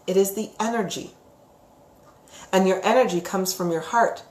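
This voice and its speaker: Teaching psychic topics on a live stream, a woman speaks at a medium pitch and moderate pace, chatty and expressive. She reads out viewer comments and frequently asks "right?" amid a roomy echo.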